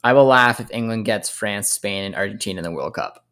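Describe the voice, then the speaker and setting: A man's voice: lowish voice, fairly quick, fairly bright tone, smooth. A young man from Canada hosting a casual live stream, reading viewer comments aloud and answering them with frequent laughs. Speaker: host.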